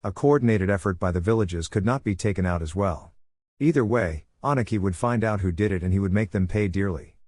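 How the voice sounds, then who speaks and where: Low-voiced male fan fiction narrator. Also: brisk, darkish tone, no echo, studio quality. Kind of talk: fan fiction read-aloud.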